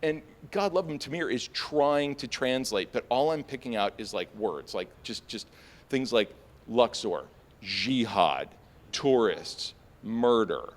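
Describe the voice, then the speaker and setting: Here a young man recounts a personal story in front of a live audience at a normal speed. He's relaxed and animated, leans on frequent fillers, and leaps to a high pitch when quoting his own panic.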